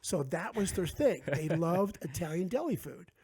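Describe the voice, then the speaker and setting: A man's voice: on the high side, moderate pace, breathy edge. A middle-aged man from New Jersey, a podcast guest telling stories in casual chat and acting out the voices he quotes. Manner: animated, acts out quoted voices.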